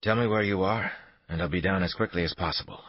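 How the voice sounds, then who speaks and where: A calm, persuasive lobbyist, voiced by a male narrator. He talks in a measured, deliberate way, with a deep, husky tone. The recording is dry and a little dull. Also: dry recording.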